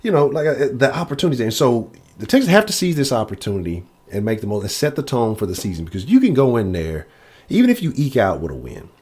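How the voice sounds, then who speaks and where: A man hosting a live sports talk show, casual and profane, often jumping up in pitch when he mimics critics. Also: sing-song, fast talker, darkish tone, slightly rough. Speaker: sports podcast host.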